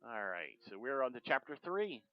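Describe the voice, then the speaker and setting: A man's voice: mid-range voice, very animated, normal speed, no echo. A man streaming a casual comic read-along who laughs often, stumbles over words and speaks the sound effects aloud, on a substitute mic. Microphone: substitute mic, not his usual one. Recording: dull lo-fi backup mic.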